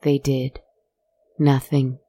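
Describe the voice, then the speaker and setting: A woman narrating a spooky story in a calm, scripted way, soft and hushed, at times dropping to a whisper. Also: a bass voice, slow, breathy edge, no echo.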